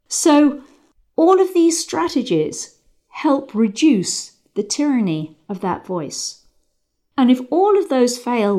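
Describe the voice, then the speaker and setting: Woman riding coach, calm guided visualisation, measured and paused. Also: on the high side. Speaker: riding instructor.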